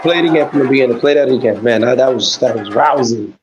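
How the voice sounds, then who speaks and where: A man hosting a podcast in casual chat, giving quick, playful instructions in a gravelly, husky voice. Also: mid-range voice, background noise. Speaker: podcast host. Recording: dull lo-fi audio.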